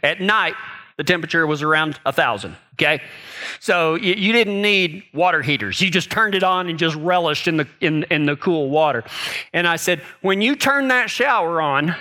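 A man's voice: fairly high pitch, animated, normal speed, pushed and bright. A man preaching a sermon in a folksy, conversational way, telling personal stories, often repeating words and checking in with "okay?" and "right?".

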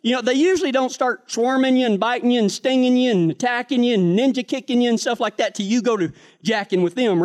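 A man preaching a sermon, telling a joking, folksy cowboy story. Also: very high voice.

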